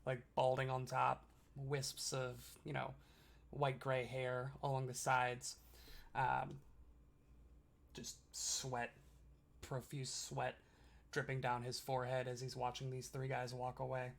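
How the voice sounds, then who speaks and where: A man's voice: medium pitch, completely flat delivery, slow, gravelly. A man narrating a tabletop game as game master, rambling through descriptions with many fillers.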